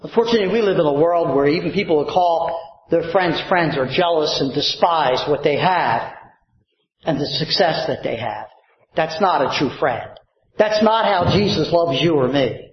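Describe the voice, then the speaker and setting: A man's voice: fairly high pitch, expressive, normal speed, roomy sound, highs cut off. A man preaching a sermon as a pastor, stretching out key words and calling for amens. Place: church sanctuary.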